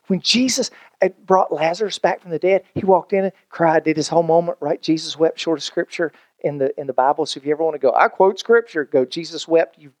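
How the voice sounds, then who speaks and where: A man pastor, preaching a sermon in an animated, conversational way with jokes and acted-out quotes. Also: fairly high pitch, no room sound.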